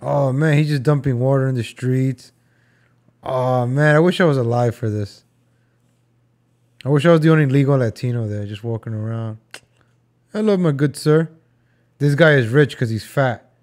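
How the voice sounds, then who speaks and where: A man's voice: mid-range voice, moderate pace, a little mellow. A young man casually joking and rambling as he reacts to old film footage for his viewers. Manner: joking, rambling, talks to viewers as folks and guys.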